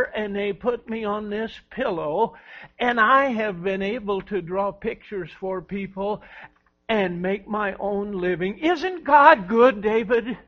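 A man voicing a joyful, devout woman. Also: sits high. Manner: joyful, earnest questions. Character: cheerful devout woman without arms or legs. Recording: dull lo-fi recording.

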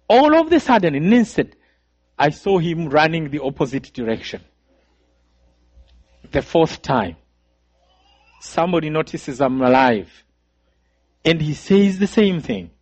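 A man preaching a sermon testimony, telling his story with emotion and repeated phrases. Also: on the high side. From Rwanda. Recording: dull, dry sound.

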